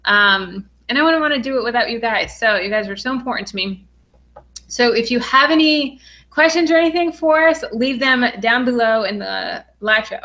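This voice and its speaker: Bubbly, excitable young woman vlogger. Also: a little high. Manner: bubbly and excitable, many "um" fillers. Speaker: vlogger hosting a livestream. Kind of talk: casual livestream chat.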